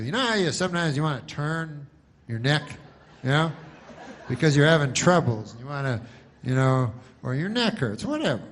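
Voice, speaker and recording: A male stand-up comedian spinning a long, rambling story in a dry, deadpan voice. His pitch sits somewhat higher than most men's. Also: moderate pace.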